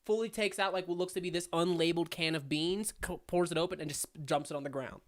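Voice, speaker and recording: A man's voice: a little high, steady tone, fast talker, fairly bright tone. A man narrating as game master in a tabletop game, loose and rambling with many fillers.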